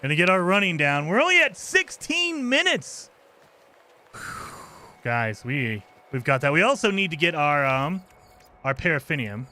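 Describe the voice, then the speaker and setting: A man's voice: a little high, animated, moderate pace, pushed and bright. A man streaming a game, chatting and explaining his moves as he plays, grumbling when things go wrong. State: out of breath at times while running. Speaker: gaming streamer. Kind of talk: casual gameplay commentary.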